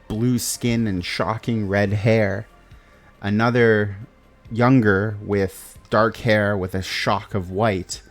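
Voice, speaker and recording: Slow-talking man as game master. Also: lowish voice. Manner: slow, deliberate narration with fillers. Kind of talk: narrating a tabletop game.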